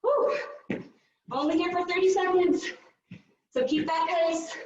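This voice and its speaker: A woman's voice: very high-pitched, fairly even intonation, normal speed, darkish tone. A woman fitness coach calling out a workout with upbeat countdowns and whoops, out of breath from exercising along. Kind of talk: live workout instruction. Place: large fitness studio. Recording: echoey, distant, dull studio recording.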